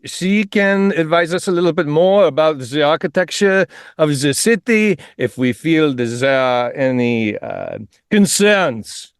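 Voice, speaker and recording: Brief: dithering adviser, slow and halting, a man putting it on. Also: a little high, animated, smooth, no echo, studio quality. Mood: hesitant. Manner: halting, stammering with many fillers. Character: flustered male French adviser, hesitant.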